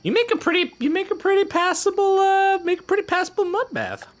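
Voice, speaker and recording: A man putting on a high folksy Southern halfling. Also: brisk. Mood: folksy helpful. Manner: rambling, folksy, full of fillers. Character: folksy chatty male halfling swamp host.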